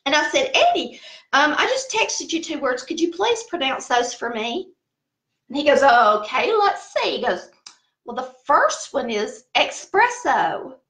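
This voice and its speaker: Her high-pitched voice swings widely in pitch at an unhurried pace, a bit bright in a roomy space. She is a middle-aged cooking channel host from the Southern United States, chatting casually in a Southern American accent, telling stories and laughing at herself.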